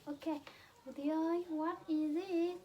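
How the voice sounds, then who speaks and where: A Vietnamese-accented mother teaching her child English with hand puppets, repeating words slowly and imitating animal sounds. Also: very high-pitched, steady tone, warm tone, lo-fi sound.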